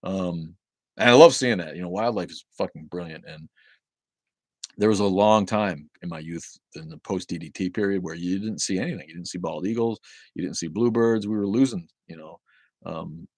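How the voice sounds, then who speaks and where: A middle-aged man with a deep voice hosts a livestream at normal speed, reading viewer chat, chatting casually and rambling profanely between comments. There's no room sound.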